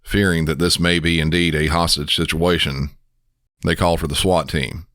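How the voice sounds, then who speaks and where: A man with a Southern American accent, a podcast host and dispatcher, narrating a case in a calm, measured way. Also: extremely low pitch, no echo, clean studio sound. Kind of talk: scripted narration.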